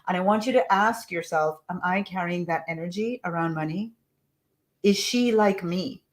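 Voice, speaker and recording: A woman money mindset coach leading a live coaching call, reading a listener's message aloud and asking her audience to reflect on it. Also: medium pitch.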